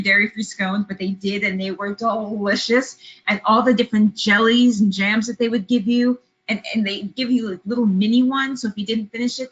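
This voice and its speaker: A woman's voice: on the high side, fairly bright tone, lo-fi sound. A woman leads a travel business webinar and tells a personal story to make a point, chatting with lots of fillers. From California. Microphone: webinar computer mic.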